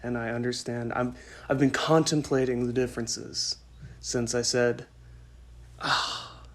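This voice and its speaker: A man's voice: mid-range voice, steady tone, unhurried. Rambling man hosting a casual podcast. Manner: rambling, self-interrupting, with asides and laughs. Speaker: podcast host. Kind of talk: casual solo podcast chat.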